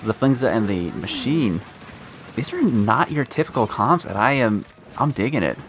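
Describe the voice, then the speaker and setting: A man's voice: mid-range voice, expressive, normal speed, slight background noise. A young man co-commentating a live esports tournament, easygoing and enthusiastic, laughing along with his partner.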